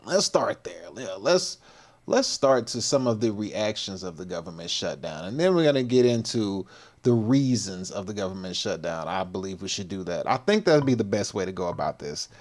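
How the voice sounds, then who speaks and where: A man in the middle of his range, hosting a casual livestream. His voice rises and falls a lot, and he talks in loose slang, thinking out loud and reacting to clips as they play. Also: medium pitch. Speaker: livestream host.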